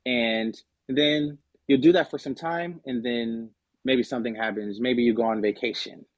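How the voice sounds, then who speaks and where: A man's voice: medium pitch, steady tone, normal speed, no echo, highs cut off. A man talking through money personality types on a personal finance podcast, casual and conversational, with frequent fillers and restarts. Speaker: podcast guest. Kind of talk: casual explanatory podcast talk.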